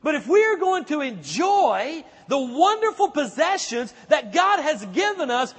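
A man's voice: very high-pitched, big pitch swings, normal speed, hardly any pauses, breathy edge. A man preaching a sermon, pressing the congregation with emphatic rhetorical questions. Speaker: pastor. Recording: echoey hall, long reverb.

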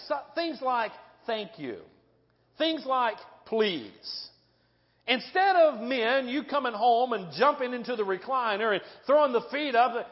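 High-voiced pastor preaching in a hall. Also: male voice, normal speed. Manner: lively storytelling, often asks the congregation "right?" and "okay?". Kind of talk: sermon. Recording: dull sound with long hall reverb.

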